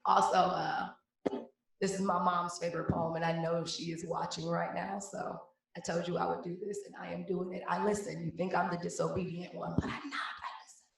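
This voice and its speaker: A young woman from Cleveland, Ohio performing spoken-word poetry live, with a rhythmic, punchy delivery and loud emphatic refrains. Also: on the low side, flat delivery, moderate pace, gravelly. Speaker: slam poet. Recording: very echoey room, voice from a distance.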